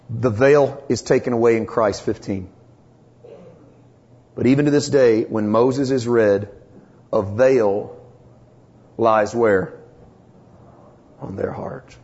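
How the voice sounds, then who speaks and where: A male pastor delivering an emphatic, impassioned sermon. His voice sits at an ordinary middle pitch and builds in force as he drives his points home. The recording is a little muffled and dull. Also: darkish tone.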